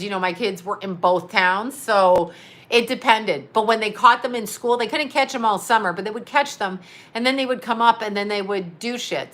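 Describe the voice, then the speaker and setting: A woman's voice: a little high, pushed and bright. A middle-aged American woman, a psychic medium, rambling through a casual livestream story with laughs and swearing. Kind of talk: casual livestream chat reading comments.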